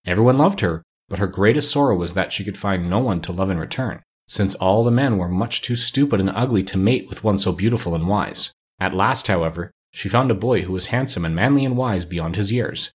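A man's voice: sits low, animated, brisk, few pauses, breathy edge. A man reading aloud and voicing a courtly male winged monkey king telling a long tale.

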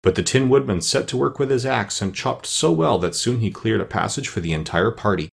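A man narrating a children's storybook in a steady, even reading voice. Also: lowish voice, fairly quick, vocal fry. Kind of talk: audiobook narration.

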